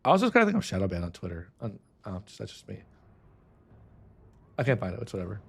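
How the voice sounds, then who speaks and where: A man's voice: lowish voice, huge pitch swings, quick pace, creaky, slightly rough. A man from San Antonio, chatting casually on a livestream in a rambling, restless way, swearing freely. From San Antonio, Texas. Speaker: streamer. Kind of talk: casual stream chat.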